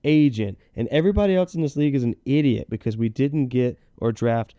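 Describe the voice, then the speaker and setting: A man's voice: mid-range voice, animated, fast talker, warm tone, no room sound, dull audio. A man co-hosting a podcast in a casual, rambling chat with playful teasing. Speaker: podcast co-host. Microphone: podcast mic.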